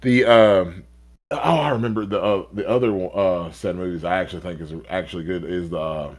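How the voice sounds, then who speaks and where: A man co-hosting a casual podcast, telling stories in an animated way and laughing often. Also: low voice, a little fast. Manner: animated storytelling, laughs a lot. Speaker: podcast co-host.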